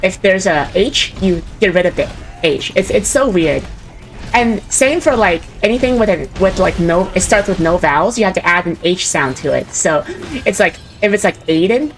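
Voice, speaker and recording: A woman's voice: on the low side, animated, moderate pace, soft background music, poor audio. Giggly rambling young woman streamer. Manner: rambling and giggly, mimics voices. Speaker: VTuber streamer. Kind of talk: casual chat while gaming.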